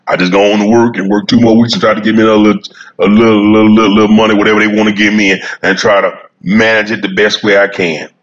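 This cigar vlogger talks fast in a lowish, fairly bright voice, though the recording is muffled. He's seated outside smoking, chuckling and rambling to his audience in a repetitive, folksy monologue.

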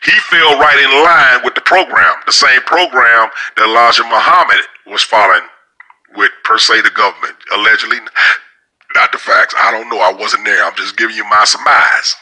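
A man's voice: on the low side, moderate pace, pushed and bright, rough recording. A man telling a rambling story in a casual monologue, repeating words and speaking frankly and profanely. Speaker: storyteller sharing opinions.

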